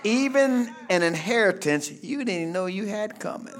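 A man pastor preaching a fervent sermon, reading scripture and calling for amens from the congregation, often shouting. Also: high-pitched, animated, moderate pace, a faint crowd, slight background noise. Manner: reads scripture aloud, then explains it.

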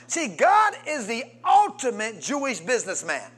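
Preaching as pastor, this man is expressive and unhurried, leaving long pauses and drawing responses from the congregation. He moves back and forth between loud, emphatic calls and quiet, low asides.

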